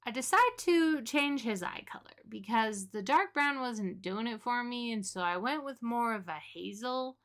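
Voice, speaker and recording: A woman's voice: a little high, lively intonation, normal speed, few pauses, fairly bright tone. A woman giving casual, chatty commentary while playing a game, laughing often. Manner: chatty and giggly. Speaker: gaming creator.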